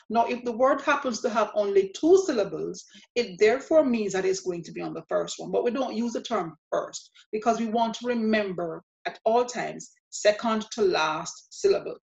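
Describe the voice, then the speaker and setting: A woman teacher walks through pronunciation rules at a patient, methodical pace. She repeats each example word slowly, her voice sitting in a middle pitch. The recording is dull and muffled, lacking high end. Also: gravelly, a little mellow. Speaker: Spanish teacher. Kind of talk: spoken grammar lesson. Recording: dull lo-fi sound.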